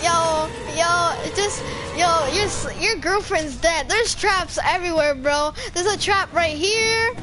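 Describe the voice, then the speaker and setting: Very high-voiced excitable woman gamer. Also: over music. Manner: excitable, quick bursts of protest and laughter. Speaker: streamer. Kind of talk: casual gaming chat.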